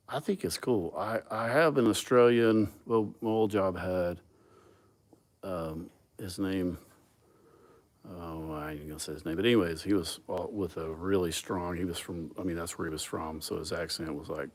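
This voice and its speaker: Deep-voiced man, profane and laid-back. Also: moderate pace. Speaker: livestream host. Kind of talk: casual chat, rambling storytelling.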